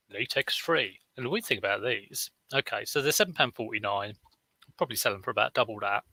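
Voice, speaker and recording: A man's voice: mid-range voice, animated, a little fast, pushed and bright, no echo, low-quality recording. A middle-aged man, rambling through anecdotes in a casual vlog chat with viewers. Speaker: online reseller vlogger.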